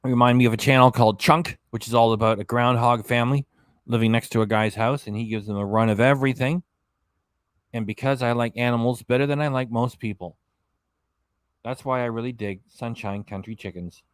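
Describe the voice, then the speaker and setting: A man's voice: medium pitch, steady tone, brisk, smooth, dry recording, studio quality. A tired man casually chatting on a live stream, reading chat messages aloud and stumbling over names as he goes. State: tired, yawning. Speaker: reaction channel host reading live chat.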